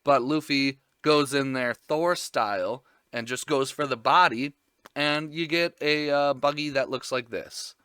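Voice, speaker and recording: A man's voice: on the high side, measured pace, pushed and bright, clean tone, no room sound, clean studio sound. A man casually recapping an anime episode, rambling and joking with frequent swearing.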